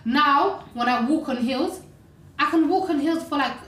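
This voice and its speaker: On a casual podcast chat, a young woman co-host tells stories animatedly, sprinkling in plenty of "like" and "you know." Her voice is high-pitched and fairly bright, her pace is measured, and the room sounds echoey.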